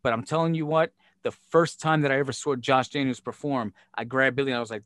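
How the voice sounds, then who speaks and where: Speaking fast in a mid-range voice, this ex-wrestling promoter and booker swaps profane backstage tales on a podcast, animatedly performing the conversations he recalls. The sound is clean studio audio, dry.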